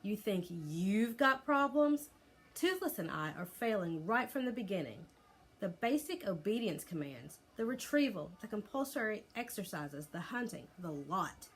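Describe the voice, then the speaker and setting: A woman's voice: medium pitch, very animated, a little slow, breathy edge. Woman voicing a frustrated young boy hero. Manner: shouts commands, then pleads.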